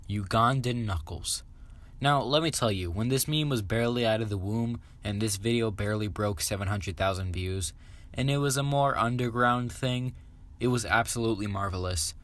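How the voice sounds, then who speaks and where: Young male meme reviewer, low-ish voice, crude, sarcastic, swears a lot. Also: normal speed, fairly bright tone. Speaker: meme commentary YouTuber.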